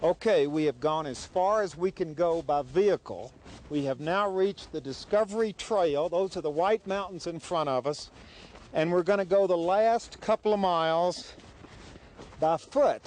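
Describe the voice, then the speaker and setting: A man's voice: a little high, unhurried, a little mellow. Breathless, eager man hosting a travel show. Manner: eager, full of wonder, asks many questions. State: out of breath at high altitude. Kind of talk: outdoor travel show interview. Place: high mountain trail outdoors.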